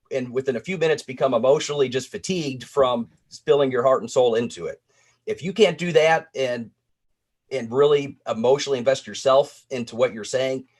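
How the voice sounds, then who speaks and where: A man co-hosting a casual podcast, talking in earnest, lecturing stretches. His voice sits at an ordinary pitch, and he restarts his sentences often as he works through a point. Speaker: wrestling podcast co-host.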